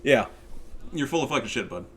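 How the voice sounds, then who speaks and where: Male game caster with a stuffy nose and a lively, bright delivery. Swears a lot, cocky. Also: fairly low pitch, a little fast. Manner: profane, animated, cocky. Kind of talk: casual game commentary.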